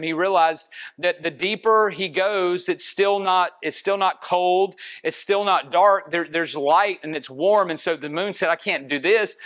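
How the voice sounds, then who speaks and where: A man with a high voice delivers a sermon with earnest conviction. He slows down and draws out the phrases he wants to land, building steadily through his points. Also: fairly bright tone. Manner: earnest preaching, slowing for emphasis. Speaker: pastor.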